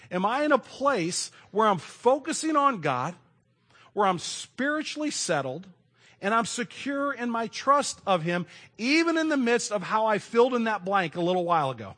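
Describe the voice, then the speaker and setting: Slightly high-pitched male pastor preaching. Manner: conversational, varies volume from loud emphasis to hushed. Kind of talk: sermon.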